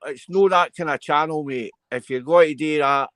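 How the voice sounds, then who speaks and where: A man's voice: on the high side, moderate pace, fairly bright tone, no room sound. A Scottish man hosting a casual live chat stream, telling his callers off now and then. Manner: chatty, scolds callers. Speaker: livestream host.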